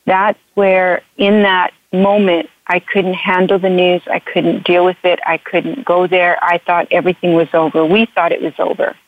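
A woman's voice: on the low side, flat delivery, normal speed, hardly any pauses. A woman author and couples counselor telling her story in an interview, earnest and emotional, often repeating herself. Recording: dry tinny phone line.

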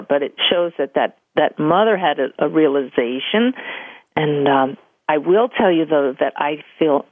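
A woman's voice: deep voice, no room sound. An older woman speaks as a medium in an interview, her voice thin and tinny like a telephone line. She tells stories animatedly and slips into the voices she quotes. The sound is dry and close. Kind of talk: conversational interview storytelling. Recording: tinny phone-line audio.

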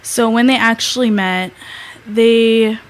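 Flat-voiced teenage girl telling a story. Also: on the high side, low-quality recording. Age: teens. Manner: halting, with many fillers and restarts. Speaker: co-host. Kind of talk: casual storytelling.

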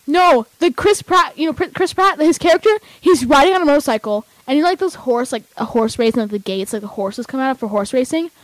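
A young woman hosting a talk show, chatting excitedly and rambling with lots of fillers. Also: fairly high pitch, no echo. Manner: gushing, rambling with many fillers. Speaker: host. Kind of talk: excited casual chat.

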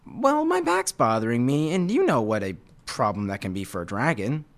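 Female dragon, achy, complaining, man voicing, animated pitch. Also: moderate pace, vocal fry. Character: female dragon with an aching back.

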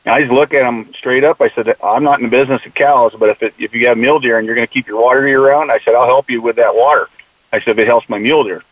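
An American mule deer conservationist and youth hunting mentor, this man has a mid-range voice with a steady tone and a quick pace. In a casual conversational interview he tells stories earnestly, often quoting what he tells the kids. The recording is dry and tinny, like a phone.

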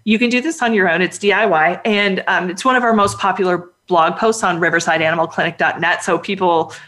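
A woman's voice: lowish voice, fairly even intonation, brisk, fairly bright tone. A woman veterinarian in a casual podcast chat, talking at length and with emphasis while giving advice to pet owners.

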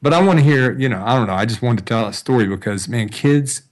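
A man hosting an interview, telling a story in a lively conversational way and acting out the dialogue. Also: mid-range voice, quick pace. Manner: animated storyteller, acts out quoted dialogue. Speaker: host.

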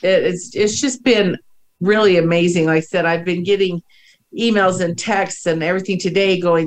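A woman's voice: medium pitch, normal speed. A middle-aged woman co-hosting a spiritual podcast, emotional and teary, laughing often and restarting her sentences. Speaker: podcast co-host. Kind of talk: casual spiritual podcast chat.

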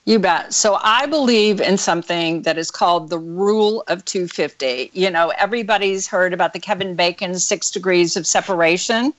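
Energetic woman sales coach telling stories. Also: lowish voice, moderate pace, hardly any pauses. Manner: energetic, animated storyteller. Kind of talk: storytelling interview answer. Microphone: call recording.

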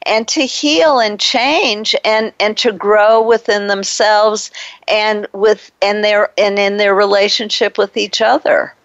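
A woman hosting an interview who speaks in a measured, reflective way, often pausing and restarting as she searches for words. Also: mid-range voice, steady tone, no echo. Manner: measured, thoughtful, with hesitant restarts. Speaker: interview host. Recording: dull lo-fi sound, dry.

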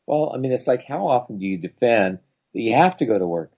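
A man co-hosting a radio talk show, chatting in a dry, laid-back way with quick quips. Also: mid-range voice, sing-song, breathy edge, lo-fi sound. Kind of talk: casual chat.

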